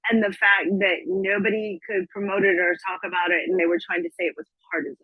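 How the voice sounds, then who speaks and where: A woman's voice: medium pitch, little pitch movement, no room sound, narrow, tinny audio. A woman guesting on a podcast, speaking emphatically in casual chat and often jumping in to agree or correct. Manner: emphatic, quick to agree and jump in. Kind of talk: casual conversation.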